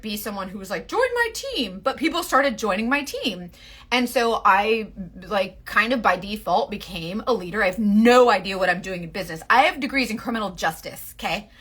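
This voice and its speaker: In a husky, mid-range voice that's animated, bright, and forceful, she speaks at a moderate pace. She's in her forties, casually rambling about running her makeup sales team, with plenty of "like," asides, and self-interruptions.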